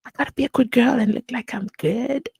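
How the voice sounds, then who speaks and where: A woman's voice: a little high, brisk, gravelly, a little mellow, husky, dry recording. A woman hosting a channel, chatting casually and playfully while she reads out viewer comments. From South Africa. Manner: playful, teasing, laughs often.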